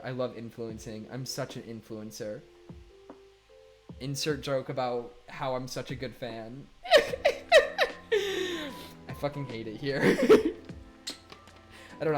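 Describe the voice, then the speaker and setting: A man's voice: mid-range voice, sing-song, unhurried, long pauses. A young man streaming live, reading viewer messages aloud and chatting casually, laughing often and swearing freely. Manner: laughs often, loose and swearing, voice swings from loud to mumbled. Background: faint music.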